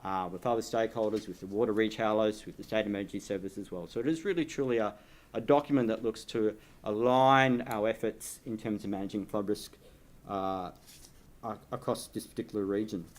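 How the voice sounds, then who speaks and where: A man's voice: lowish voice, fairly even intonation, brisk. A man presenting at an industry seminar, speaking steadily with many fillers and restarts. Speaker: government department manager presenting. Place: conference venue.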